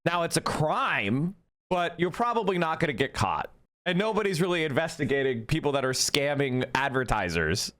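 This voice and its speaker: Lively, sarcastic male streamer. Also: fairly high pitch, normal speed. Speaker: streamer in a played clip. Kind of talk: casual stream commentary.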